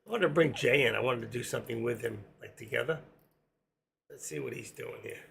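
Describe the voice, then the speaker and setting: A hoarse man hosting a live trading stream, rambling casually to himself and his viewers as he works through charts. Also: medium pitch, a little fast, fairly bright tone. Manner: rambling, talks to himself while working charts. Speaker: livestream trading host.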